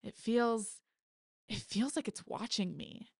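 A woman's voice: a little high, takes it slowly, creaky, a little mellow, no room sound, exaggerated voice. A woman voicing a nervous, nerdy teenage girl camper in a story reading, speaking hesitantly and doubtfully, recorded dry and close. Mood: uneasy.

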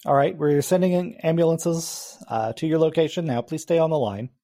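A man voicing a calm, businesslike female 911 dispatcher. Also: on the high side, moderate pace, no room sound, studio quality, voice pushed up, lightly acted. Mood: official.

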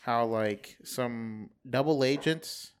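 A man's voice: mid-range voice, slow pace, clear, resonant tone. Laid-back young man rambling. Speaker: podcast co-host. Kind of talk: casual chat.

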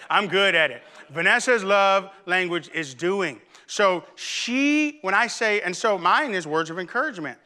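High, very bright animated preacher man. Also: measured pace, few pauses. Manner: animated, playful, comic storytelling with sudden loud outbursts. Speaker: pastor. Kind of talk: comic sermon.

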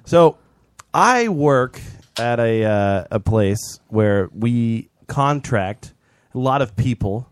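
A man's voice: medium pitch, animated, slow pace, clear, resonant tone, dry recording. A young man co-hosting a podcast, casually rambling through a story with lots of animation. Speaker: podcast co-host. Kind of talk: casual chat.

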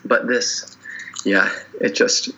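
Earnest teary man, bright dull-sounding audio. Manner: earnest, halting, many restarts and "you know". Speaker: podcast guest, author. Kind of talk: emotional personal interview.

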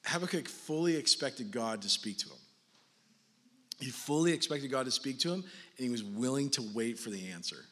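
A man's voice: medium pitch, expressive, normal speed, a bit bright. A man preaching a sermon in a casual, joking way, often checking in with "right?" and "like". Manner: jokey, conversational, often adds "right?" and "like". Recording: long hall reverb.

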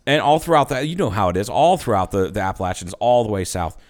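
A man's voice: lowish voice, expressive, quick pace. A man co-hosting a podcast, joking crudely and acting out the people in his stories in casual chat. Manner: joking, crude, acts out quoted voices. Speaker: podcast co-host.

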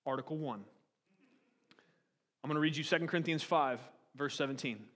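A man preaching with a fairly high voice, rising and pressing as he throws rhetorical questions at his listeners. His sermon rings through a church hall with a long reverb tail. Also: moderate pace, pauses often, a bit bright. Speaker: pastor.

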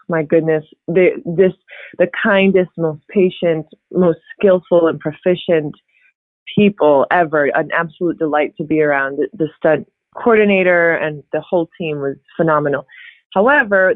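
A woman actor talking casually as an interview guest, expressive and often laughing, with quick restarts. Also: sits low, dry recording. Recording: tinny phone-like dry line.

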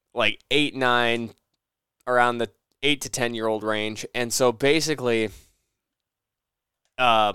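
A man's voice: mid-range voice, clean tone, no echo, studio quality. A man co-hosting a casual podcast while playing a video game, ranting and cursing at his plays. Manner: animated, rants and swears at the game. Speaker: podcast co-host.

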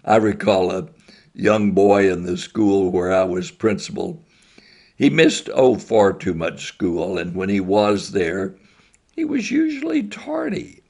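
Older man spinning school stories, slow and low, gravelly husky voice, folksy. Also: darkish tone. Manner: slow, homespun, chuckling asides. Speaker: retired school principal and storyteller. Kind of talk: folksy spoken storytelling.

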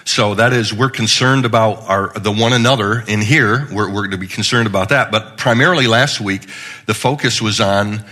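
Bright-voiced male pastor, chatty sermon. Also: lowish voice, moderate pace. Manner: conversational, joking, with frequent restarts.

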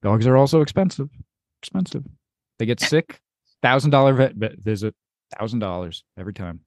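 A young American man hosting a casual podcast chat, sarcastic and quick to swear. His voice sits at an everyday pitch for a man. It is recorded close and dry, with no room sound. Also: animated, no room sound. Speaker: podcast host.

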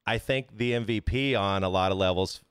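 A man's voice: fairly low pitch, fairly quick, clean tone, no room sound, clean studio sound. A man co-hosting a casual film podcast, talking enthusiastically and swearing freely. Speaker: podcast co-host.

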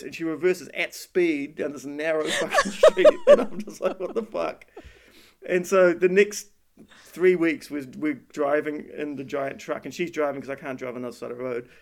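A man's voice: fairly high pitch, a little hiss or hum. A man telling a long casual anecdote, rambling, swearing freely and laughing through his own story. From New Zealand. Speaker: storyteller guest.

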